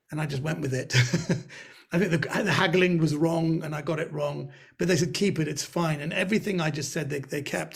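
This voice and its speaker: A man in middle age tells stories about his past over a video call. His voice sits a little high and is rough with fry and breath. He talks animatedly and laughs as he goes. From Britain. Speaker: guest speaker. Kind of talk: anecdotal storytelling.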